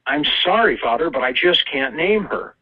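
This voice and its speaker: A man's voice: on the high side, lively intonation, normal speed, breathy edge, voice pushed up. A man doing a tight-lipped young altar boy. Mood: evasive. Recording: tinny phone-line audio.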